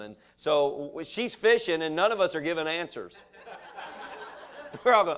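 A man preaching a sermon, telling folksy stories and building to animated preaching. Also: on the high side, measured pace.

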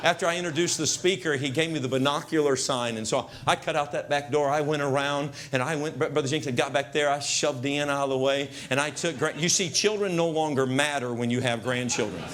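Older man, preacher, comic sermon storytelling, acts out scenes, bursts of shouting, slightly high voice. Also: a little fast, hardly any pauses, a little hiss or hum.

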